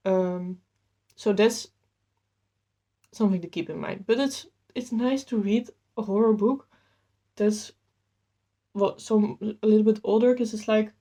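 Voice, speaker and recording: An eager woman talks casually about her reading, rambling a little and sounding slightly out of breath. Her voice is mellow and warm, at a middle pitch, and her pitch jumps upward when she gets excited. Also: a little slow, long pauses. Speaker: book vlogger. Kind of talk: casual chat.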